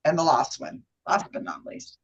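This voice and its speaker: A woman's voice: low voice, moderate pace, gravelly, slightly rough, dull audio. A woman hosting a casual trivia game, chatty and self-deprecating, who laughs often and explains the rules loosely. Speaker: trivia host.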